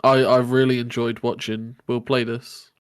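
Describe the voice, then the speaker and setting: A man's voice: mid-range voice, flat delivery, moderate pace, slight background noise. Frank man on a gaming podcast. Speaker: podcast co-host. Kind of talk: casual chat.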